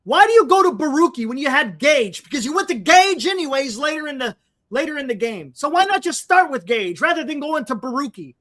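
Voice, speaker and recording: Ranting high-voiced male sports fan. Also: big pitch swings, fairly quick, pushed and bright. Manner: frustrated, ranting, repeats words. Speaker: podcast co-host. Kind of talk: heated fan sports talk.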